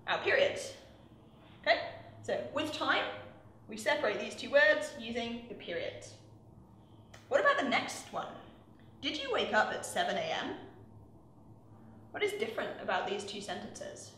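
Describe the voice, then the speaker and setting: A woman teaches a grammar lesson in a bright, slightly high voice, patient and clear, often pausing to check that her learners follow. The recording is very echoey, with a faint hiss underneath. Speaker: English teacher.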